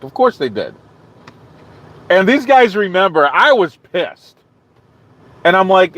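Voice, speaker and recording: A man's voice: sits high, unhurried, pauses often, lo-fi sound. Rambling man telling a story on stream. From not from the American South. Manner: rambling, animated storyteller acting out his own quotes. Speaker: live stream host. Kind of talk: casual storytelling to live chat.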